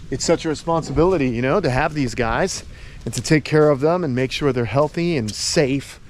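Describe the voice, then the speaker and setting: A man of middle pitch chats in a relaxed, friendly way while he walks around an outdoor animal camp. He often stops to coo affectionately at his animals. Faint outdoor ambience sits behind his voice. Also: a little fast, a little hiss or hum. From Florida. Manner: chatty, talks fondly to his animals. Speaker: animal caretaker and vlogger. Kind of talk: casual walk-and-talk vlog.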